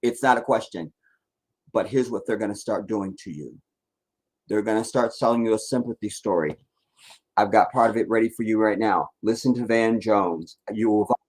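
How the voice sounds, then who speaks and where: A man's voice: lowish voice, moderate pace, darkish tone, poor audio. A man giving casual live-stream political commentary in a blunt, rambling, profane rant.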